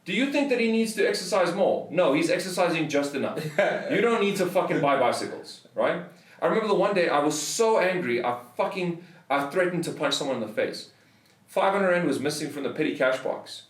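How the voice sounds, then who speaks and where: A man's voice: on the high side, animated, brisk, roomy sound, recorded from a distance. A South African man on a podcast, telling a story in a heated, swearing rant. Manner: swears a lot, heated ranting. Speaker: podcast host. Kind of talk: casual storytelling.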